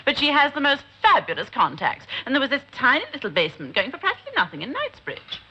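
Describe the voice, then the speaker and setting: A woman's voice: high-pitched, wildly swooping pitch, quick pace, sharp tone, breathy edge, exaggerated voice. A woman playing an affected, gushing upper-class lady in a 1960s TV sitcom. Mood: wheedling. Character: pushy upper-class woman, wheedling and vain. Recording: dull hissy 1960s TV recording.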